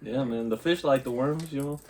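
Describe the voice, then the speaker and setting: A young man hosting his own vlog, chatting casually in a relaxed, rambling way and laughing often. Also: mid-range voice, moderate pace, a little hiss or hum. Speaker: vlog host.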